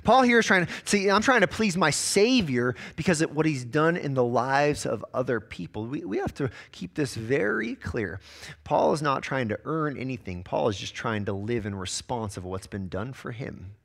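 A man preaching a sermon, walking through a passage with animated emphasis and frequent repeated words. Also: medium pitch, moderate pace, creaky. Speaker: pastor.

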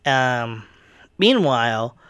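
A man's voice: medium pitch, sing-song, extremely slow, fairly bright tone, smooth, dry recording, clean studio sound. Rambling man recapping a movie. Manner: rambling, profane, acts out quotes.

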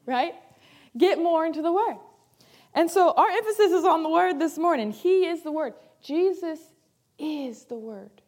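A woman pastor preaching a sermon with emphasis, repeating key phrases and moving between loud and soft delivery. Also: very high-pitched, expressive, measured pace.

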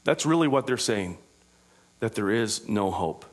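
A man preaching a sermon as pastor, moving between raised, emphatic proclaiming and quiet, conversational asides, with an informal manner and frequent fillers. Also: lowish voice, animated, a little slow.

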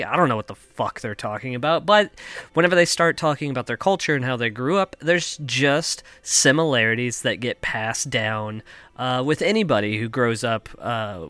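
Man from the US midwest, bright crisp voice, rambling profane comedy monologue, home basement. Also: medium pitch, no room sound. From United States (Kansas). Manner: rambling, profane, self-mocking. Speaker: podcast host.

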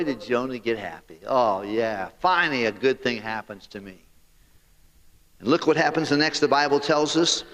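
A man preaching a sermon as pastor, animated and talking straight to his congregation. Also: fairly high pitch, in a large hall, highs cut off.

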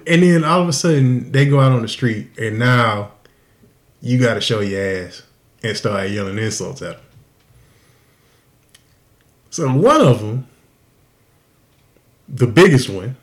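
A man hosting a podcast, telling a crude story in a profane, animated way and laughing often. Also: mid-range voice. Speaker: podcast host. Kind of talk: casual storytelling.

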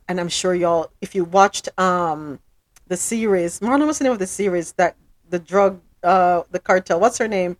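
A woman's voice: fairly low pitch, normal speed, no room sound. A woman hosting a podcast, chatting casually with a guest, laughing often, and reading news stories with her own asides. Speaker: podcast host.

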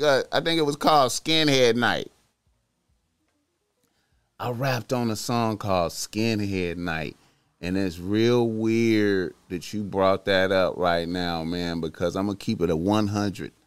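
A man streaming to his chat, rambling through a profane, slangy story that drops to low mumbles and jumps to loud outbursts. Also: slow pace, clean tone. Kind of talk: casual rambling monologue.

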